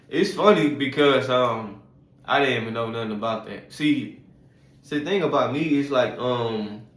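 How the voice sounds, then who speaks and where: Man in his 30s; loose, rambling storyteller with constant fillers and slang; mid-pitched voice in an echoey room. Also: unhurried, pauses often. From Houston, Texas. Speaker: vlogger telling his life story. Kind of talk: casual storytelling.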